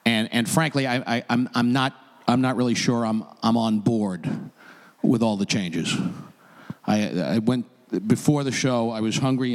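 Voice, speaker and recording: Male stand-up comic; halting, fussy grumbler with a mid-range voice, reverberant hall. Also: mid-range voice. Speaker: stand-up comedian. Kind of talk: stand-up set.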